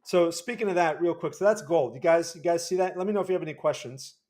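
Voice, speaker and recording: Casual man with a higher voice. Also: fast, darkish tone. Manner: casual, frequent tag questions. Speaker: market analyst host. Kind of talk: livestream chart analysis.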